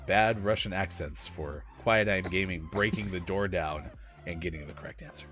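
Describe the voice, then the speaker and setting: A man's voice: sits low, normal speed, faint music behind. A man hosting a casual morning gaming show, joking and reading out chat messages. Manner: joking, lively, reads chat aloud. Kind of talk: casual live-stream banter.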